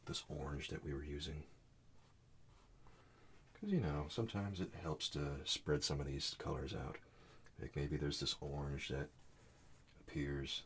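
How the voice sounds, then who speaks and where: Soft-spoken male painting teacher, very low voice, lively pitch, mumbled asides. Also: measured pace, long pauses, a little hiss or hum. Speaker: art teacher.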